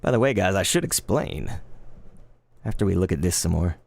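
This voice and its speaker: A man in his thirties chatting casually while opening trading cards live, laid-back and quick to get excited. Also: deep voice, vocal fry. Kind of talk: live card-opening stream chat.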